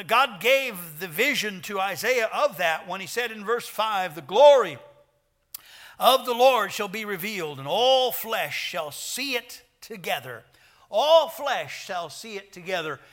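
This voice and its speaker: A male pastor preaching an earnest sermon, quoting scripture and rising to sudden loud calls. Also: sits high.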